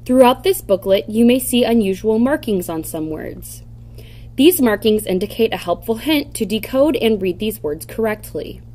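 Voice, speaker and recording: A woman's voice: on the high side, animated, mellow. A woman giving scripted instructional narration for a reading program, carefully sounding out example words. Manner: slow, careful demonstration of word sounds.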